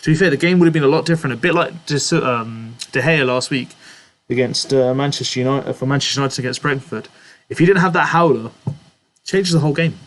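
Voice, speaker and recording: A man's voice: mid-range voice, fast talker, a bit bright. A young man hosting a casual live stream, reading out viewers' chat messages and answering them in a chatty way, often laughing. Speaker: livestream host answering chat.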